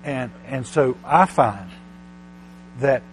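A man preaching a sermon, often restarting his words, slow and halting at first and then building to loud, emphatic passages. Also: medium pitch, animated, slight background noise, poor audio.

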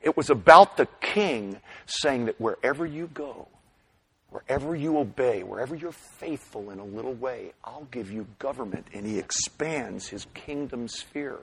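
A middle-aged man preaching a sermon, animated, swinging between loud bursts and hushed asides. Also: medium pitch, normal speed, gravelly, breathy edge, low-quality recording. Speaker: pastor.

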